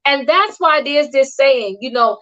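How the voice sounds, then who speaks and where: An older woman hosts a casual livestream with a high, bright-edged voice, chatting and acting out quoted lines. The sound is dull and lo-fi, like stream audio. Her talk is lively and full of quick back-and-forth with a co-host.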